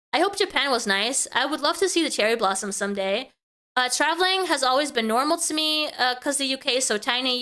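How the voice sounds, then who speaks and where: A woman with a high, bright voice reads messages aloud as a VTuber commentator. She rattles through the quoted lines quickly, then cuts in with exasperated exclamations. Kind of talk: reading messages aloud and reacting.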